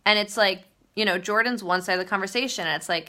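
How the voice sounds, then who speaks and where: A woman's voice: medium pitch, fast, few pauses, sharp tone. A young woman telling a story in a casual livestream vlog, chatty and full of fillers. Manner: chatty, storytelling with many likes. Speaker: vlogger.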